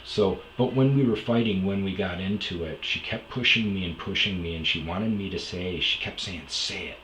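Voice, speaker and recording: Blunt, deep-voiced storyteller, a man. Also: normal speed, a bit bright, echoey room, dull audio, slight background noise. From Wisconsin. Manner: blunt, profane, candid. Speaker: podcast host. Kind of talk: storytelling monologue.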